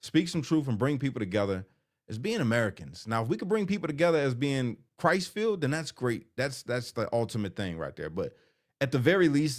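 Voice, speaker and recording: A man hosting a live stream, casually reading viewer comments aloud and answering them in a talkative, informal way. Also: medium pitch.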